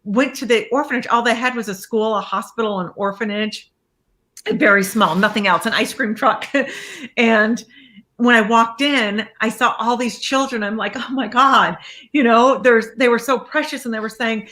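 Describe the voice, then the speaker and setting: A woman speaking as a guest life coach, telling her story in a casual interview, animated and acting out the voices of people she quotes, often laughing. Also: on the high side, moderate pace. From Iraqi family background, raised in America.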